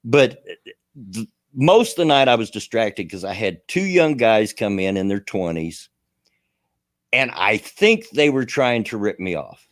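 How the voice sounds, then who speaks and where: A man's voice: fairly low pitch, sing-song, a little slow, no echo, clean studio sound. A man hosting a radio show, telling a rambling story in casual chat, chuckling often and full of fillers.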